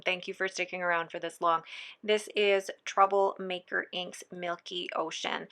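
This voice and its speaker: A woman's voice: on the low side, vocal fry, sharp tone. A woman born in the Philippines chatting enthusiastically while swatching fountain pen inks, often dropping to a near whisper. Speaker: stationery vlogger. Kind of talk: casual ink swatching chat.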